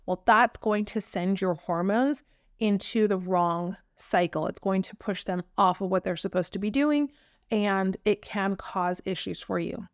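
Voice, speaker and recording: A woman's voice: mid-range voice, unhurried, no room sound. Woman podcaster giving her honest opinions, lots of ums, dry close mic. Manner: earnest, opinionated, with frequent ums. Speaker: podcast host. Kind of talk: casual solo podcast talk.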